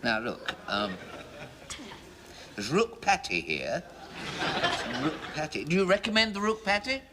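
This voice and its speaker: A man's voice: on the high side, big pitch swings, unhurried, heavy background noise. An actor playing a timid, polite man dining out, hesitant in his speech.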